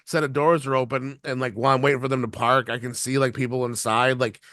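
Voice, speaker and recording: A man's voice: mid-range voice, flat delivery, fast, a bit bright. A man co-hosting a podcast, telling a long, rambling, profane story and laughing along as he goes. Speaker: podcast co-host. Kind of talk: casual anecdote telling.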